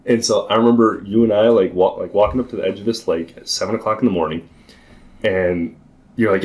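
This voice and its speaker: Here a young podcast guest with a deep voice tells a story in relaxed conversation, speaking a little fast. He's animated, laughs frequently and leans heavily on filler words.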